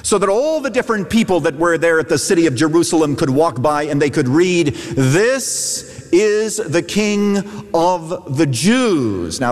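A man, a pastor, preaching a sermon with emphatic, rising repeated phrases. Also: on the high side. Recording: echoey hall reverb. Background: long hall reverb.

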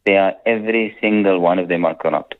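A man's voice: low voice, fast. A man, an Islamic scholar answering listener questions on a radio call-in, talking emphatically and repeating his points. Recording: dull radio broadcast sound.

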